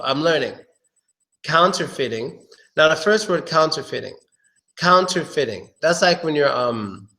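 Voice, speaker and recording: A man giving a casual live-streamed pronunciation lesson. He repeats words slowly and curses offhandedly. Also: medium pitch, creaky, a bit bright. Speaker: English pronunciation tutor.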